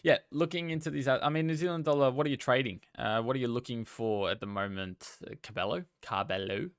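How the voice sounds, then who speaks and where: A man's voice: medium pitch, fairly even intonation, fast, dry recording, studio quality. A young man hosting a casual trading livestream, chatting with viewers and greeting them by name. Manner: chatty, reads out viewer names and talks to chat. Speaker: livestream host. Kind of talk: casual live-stream market commentary.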